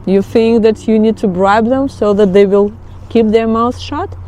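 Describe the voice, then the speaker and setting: A woman's voice: on the high side, unhurried, warm tone. A woman whose first language is Russian, teaching a casual video lesson in a playful, joking way and laughing often, recorded outdoors in a city.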